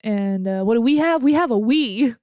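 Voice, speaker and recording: A young woman in her twenties tells a story into a desk mic at home, chatty and giggly, with plenty of ums and uhs. Her voice sits at a middling pitch. The sound is dry and close. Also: lively intonation, normal speed, darkish tone, no echo. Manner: chatty and giggly, with lots of fillers. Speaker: vlogger. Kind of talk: casual storytelling.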